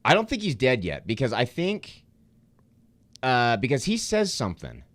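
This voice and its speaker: A man's voice: mid-range voice, huge pitch swings, normal speed, fairly bright tone, no echo. A man co-hosting a casual movie podcast, reflective and hesitant, repeating words as he thinks. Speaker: podcast co-host. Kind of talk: casual film discussion.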